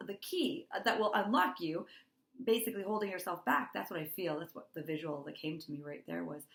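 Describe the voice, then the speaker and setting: A middle-aged wellness coach talks to her course members with heartfelt earnestness, repeating words for emphasis in a motivational talk. She has a fairly low, gravelly voice, and the recording is reverberant.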